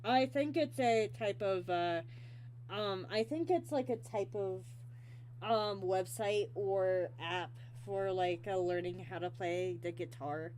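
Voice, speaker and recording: A woman hosting a casual livestream interview, talking haltingly with lots of fillers and bursts of giggling. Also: mid-range voice, darkish tone, slight background noise. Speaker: stream host.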